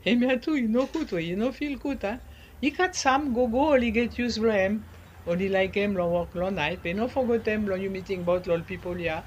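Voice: mid-range voice, a little fast. Ni-Vanuatu nurse, casual health tips, French words mixed in, faint background noise, talk-show guest.

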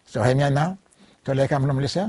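An older man from Vanuatu with a Bislama pidgin accent, recalling his career as a lawyer in a halting, repetitive way, mixing in French words. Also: medium pitch, darkish tone. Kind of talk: oral history recollection.

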